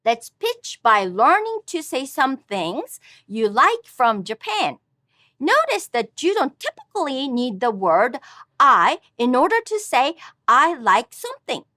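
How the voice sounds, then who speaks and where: A high, bright woman's voice with a lot of rise and fall, teaching in a slow and careful scripted delivery. She models each word deliberately. The sound is dry and close. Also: sing-song, no echo. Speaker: language teacher. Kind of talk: scripted language lesson narration.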